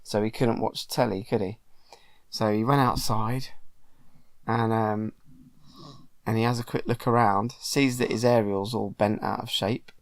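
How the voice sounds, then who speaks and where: A father casually retelling a film to his child at home, chatty and animated with many ums. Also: lowish voice, unhurried, long pauses, no echo. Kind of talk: casual storytelling.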